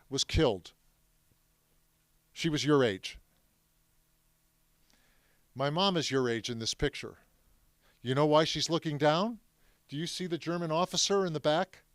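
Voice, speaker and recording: A man's voice: on the high side, no echo. A man telling his family's story to students in a classroom, speaking emphatically and asking them questions. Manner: emphatic, addresses the audience with questions. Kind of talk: classroom talk.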